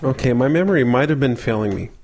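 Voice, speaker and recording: A man co-hosting a casual beer tasting podcast, relaxed and explaining beer facts as he thinks aloud. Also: medium pitch, quick pace, a little hiss or hum. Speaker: podcast co-host.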